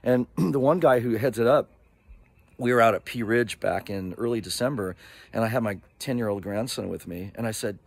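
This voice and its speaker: A man's voice: mid-range voice, moderate pace, creaky, no room sound. A man in his sixties, from Oregon, talking casually in a rambling vlog with many asides. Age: 60s. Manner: animated, rambling, with frequent asides and laughs. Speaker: vlogger.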